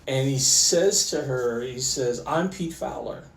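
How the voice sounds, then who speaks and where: A middle-aged man, an orthopaedic surgeon, tells stories in a relaxed way, with many fillers and restarts. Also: mid-range voice, slow pace, creaky, roomy sound, recorded from a distance, poor audio. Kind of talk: conversational storytelling interview.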